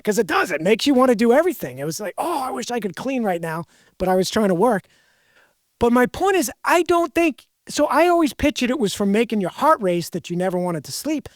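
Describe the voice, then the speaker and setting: A woman's voice: fairly high pitch, very animated, brisk, dry recording, studio quality. A woman hosting a casual podcast conversation, rambling and correcting herself as she goes. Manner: rambling, self-correcting, chatty. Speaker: podcast host.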